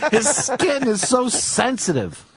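A man's voice: very high voice, big pitch swings, takes it slowly, slightly rough. A man on a radio talk show, adding dry, mocking asides with a lot of swearing.

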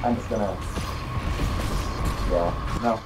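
A teenage boy giving gameplay commentary, excitable and quick to swear and yell at the game. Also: on the low side, over music, low-quality recording. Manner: excitable, swearing, yelling outbursts. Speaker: gaming YouTuber.

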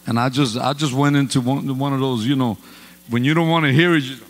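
A man preaching a storytelling sermon as pastor, swinging from quiet asides to loud exclamations, speaking into a microphone in a church sanctuary. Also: medium pitch, fairly even intonation, brisk. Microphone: handheld or stand mic. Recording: reverberant church hall with faint hum.

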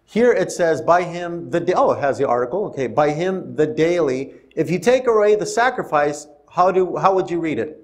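A man's voice: a little high, expressive, moderate pace. A male pastor giving a conversational bible study sermon in a church, often asking the congregation questions. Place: church sanctuary.

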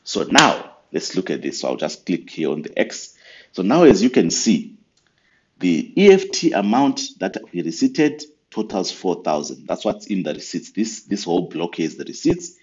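A man giving a patient step-by-step software tutorial over a screen recording. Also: low-pitched, very animated, moderate pace, dull audio. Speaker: software trainer.

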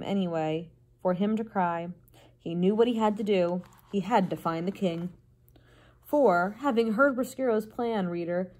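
A woman librarian reading a chapter book aloud to children with an expressive, dramatic delivery. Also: mid-range voice. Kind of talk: storybook read-aloud.

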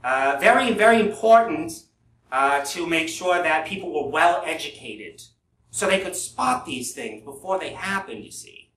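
A man's voice: a little high, lively intonation, measured pace, fairly bright tone. A man doing a 1930s gangster voice, talking in a smug, mock-sinister way. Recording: echoey room, distant mic, faint hiss.

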